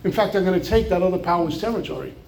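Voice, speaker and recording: A man's voice: high voice, racing, a little mellow, slight background noise. A man from New York with a New York accent, giving an earnest personal recovery testimony with flashes of wry humor. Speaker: recovery speaker.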